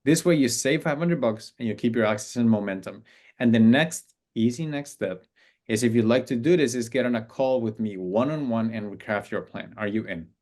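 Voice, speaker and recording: A man's voice: mid-range voice, normal speed, darkish tone. A man coaching on client business in a casual, conversational talk, acting out sample messages.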